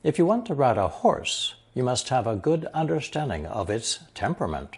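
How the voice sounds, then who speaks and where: This is recorded narration for a Chinese lesson. The male teacher, whose husky voice swoops up and down lively, slowly reads each example sentence before giving its English translation.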